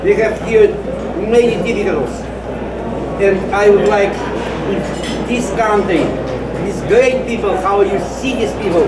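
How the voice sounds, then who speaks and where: An older man with a Russian accent giving a fervent, halting stage address in broken English. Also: sits high. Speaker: guest of honor giving a speech. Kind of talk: emotional stage address to an audience. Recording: echoey archive recording from far off in a hall, loud noise.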